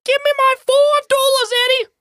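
A tiny, cranky ghost miner squawks his demands in a piercing, very high voice, put on by a woman. The sound is dry and close, with no room echo. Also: little pitch movement, moderate pace. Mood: grumpy. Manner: shrill shouty demands. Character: grumpy little male ghost miner dwarf.

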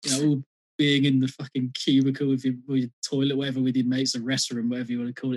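A man's voice: medium pitch, little pitch movement, fast talker. A British man talking as a podcast guest, rambling and chatty, swearing freely in casual conversation. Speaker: podcast guest, music reviewer.

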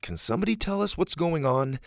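A man doing a calm, steady boy. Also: on the high side, fairly quick, creaky, no room sound, studio quality, pitched above the performer's own voice. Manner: calm, reassuring.

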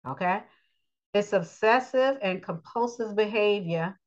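A woman giving a blunt, preachy spoken lesson on relationships, pausing often with fillers. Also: mid-range voice, highs cut off. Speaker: teacher of a daily lesson.

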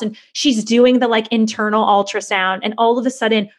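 A woman in her thirties telling a personal story in a candid interview, lively and chatty, acting out the voices of people she quotes. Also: on the high side, fairly quick. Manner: animated, acts out quoted voices, frequent "like" fillers. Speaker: guest.

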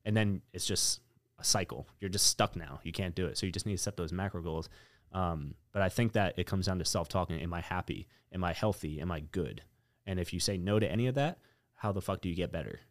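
A man's voice: low-pitched, a little fast, no echo, clean studio sound. A man talking bluntly in a casual podcast conversation, swearing freely and telling anecdotes.

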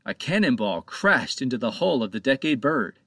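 A man narrating his own children's pirate storybook in a lively, expressive reading, close to the mic. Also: mid-range voice, moderate pace, no room sound. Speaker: author and narrator.

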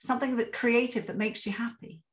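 A woman's voice: a little high, steady tone, a little fast. Candid woman author, chatting. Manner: candid, self-deprecating, laughs often. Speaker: author guest. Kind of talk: casual interview talk.

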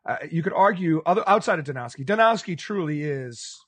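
A man's voice: fairly high pitch, a little fast, slightly rough. A man co-hosting a casual sports podcast, telling stories with animation and acting out the reactions of people around him. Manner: animated storyteller, acts out bar crowd reactions.

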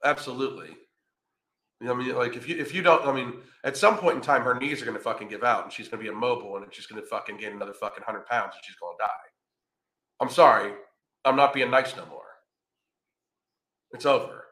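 A combative male host ranting profanely, with sarcasm in nearly every line. His voice is bright and forceful, and the room around him is echoey. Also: medium pitch, fast, pauses often. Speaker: podcast host. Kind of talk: ranting reaction commentary.

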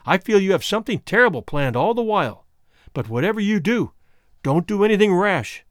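A frightened young wife, as a male narrator puts her on, her voice raised noticeably higher and swinging widely as she pleads and protests. The audiobook reading sounds close and dry. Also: sing-song, fairly quick, no room sound. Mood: pleading. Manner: pleading, agitated, vehement.

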